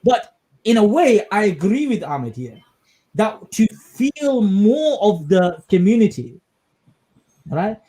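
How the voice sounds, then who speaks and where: A man's voice: high voice, slow. A man from England hosting a casual podcast discussion, talking emphatically and often checking in with his listeners. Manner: animated, emphatic, frequent checks like "you understand?". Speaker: podcast host.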